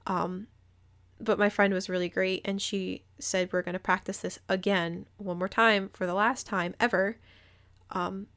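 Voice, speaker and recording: A woman's voice: mid-range voice, flat delivery, a little slow, fairly bright tone. Young woman podcast host, casual storyteller, candid and talkative, mid-range voice. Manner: chatty, candid, frequent fillers and quoted dialogue.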